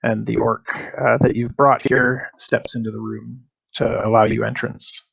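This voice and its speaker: A man's voice: medium pitch, level tone, normal speed, gravelly, a bit bright, husky, low-quality recording. A man narrating a tabletop game as game master, with frequent filler sounds. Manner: hesitant, many fillers.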